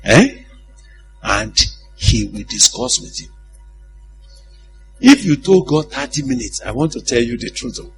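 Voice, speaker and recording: A man's voice: mid-range voice, very animated, a little slow, pauses often, faint music behind. A male preacher giving a conversational sermon, often putting questions to his congregation and laughing at his own stories.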